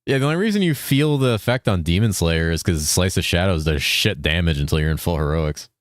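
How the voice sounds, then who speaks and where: This California streamer has a low voice with lively intonation and talks a little fast while gaming. He's easygoing, reading chat aloud, swearing frequently and tossing out "dude" nonstop. The sound is clean studio audio without echo.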